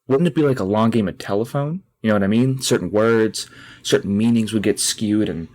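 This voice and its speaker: An earnest young monk with a polite, chatty manner and a lowish voice, put on by a man telling a joke. He speaks like an ordinary guy. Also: a little fast, darkish tone, close to an everyday voice. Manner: casual, chatty phrasing.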